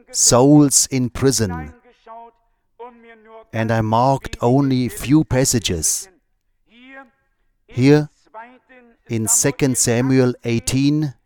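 A man with a mid-range, slightly mellow voice preaches a sermon by reading scripture aloud. He delivers it slowly and deliberately, leaving long pauses between phrases.

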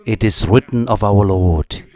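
A man preaching a sermon, speaking deliberately with long pauses and repeated phrases for emphasis. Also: on the low side, darkish tone.

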